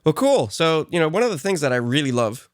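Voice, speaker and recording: A man's voice: on the high side, very animated, fast talker, dry recording, clean studio sound. A man co-hosting a podcast, talking casually and admiringly, laughing easily between points. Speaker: podcast co-host. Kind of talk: casual conversation about synths.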